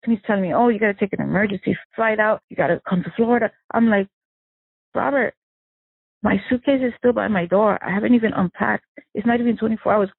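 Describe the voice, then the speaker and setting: A woman recounting a painful family loss in an emotional interview, halting and distressed with many restarts. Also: mid-range voice, creaky, slightly rough, no room sound. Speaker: victim's sister recounting events. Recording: narrow phone-line audio, dry.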